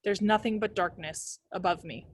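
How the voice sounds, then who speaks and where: A woman's voice: medium pitch, moderate pace, no echo. A woman reading a novel aloud as a librarian, telling the first-person story expressively.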